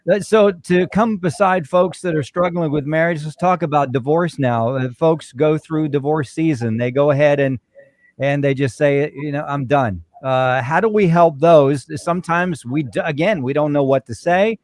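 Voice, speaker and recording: A male radio host introducing his guest and asking questions in a measured, reflective way, with frequent uhs. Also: on the high side, no room sound. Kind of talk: radio talk show hosting.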